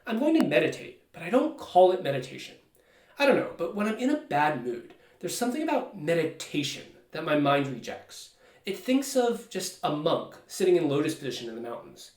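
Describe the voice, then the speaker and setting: Lively-voiced man coach in an echoey room. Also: fairly high pitch. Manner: relaxed, conversational, self-deprecating. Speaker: stress and well-being coach. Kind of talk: calm personal talk to camera. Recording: echoey room, mic at a distance.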